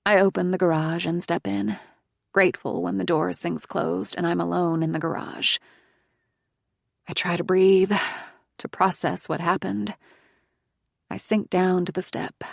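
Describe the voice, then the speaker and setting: A woman narrating a psychological thriller audiobook in the first person, in a tense, hushed manner. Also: on the low side, fairly even intonation, unhurried, vocal fry, long pauses, no room sound, studio quality.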